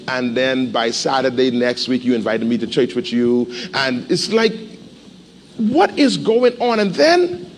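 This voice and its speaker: A man pastor preaching a sermon in a church, animated and urging the congregation to respond. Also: medium pitch, in a large hall, slight background noise. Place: church sanctuary.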